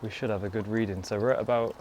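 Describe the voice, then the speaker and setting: A young man's lowish, darkish voice moves at a quick pace with a steady tone as he casually addresses the camera for his fitness vlog in a garden. He's chatty and rambling, sprinkling in "you know" asides, with slight background noise present.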